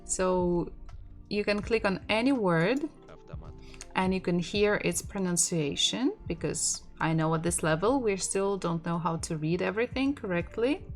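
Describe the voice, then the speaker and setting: A woman's voice: on the low side, expressive, measured pace. A woman whose first language is Russian, teaching an online language lesson and patiently repeating sounds and words for practice. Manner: chatty asides with light laughs. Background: faint background music.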